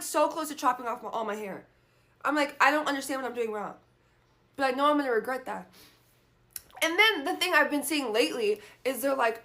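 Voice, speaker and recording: Frustrated young woman venting, fairly high voice. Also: normal speed, fairly bright tone. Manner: frustrated, frequent "like" fillers and swearing. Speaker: vlogger. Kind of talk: casual venting monologue.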